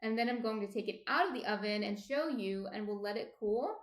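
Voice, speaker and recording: A woman's voice: medium pitch, lively intonation, fairly quick, reverberant. A woman from New Jersey chatting casually on a baking livestream, reading out viewer comments in a rambling way full of fillers and restarts. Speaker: baking streamer. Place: home kitchen.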